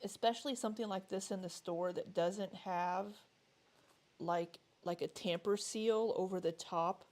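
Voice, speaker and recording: A woman chatting casually as she reacts to a video she is watching, hesitant and quick to laugh. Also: lowish voice, steady tone, a little mellow. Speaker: reaction vlogger.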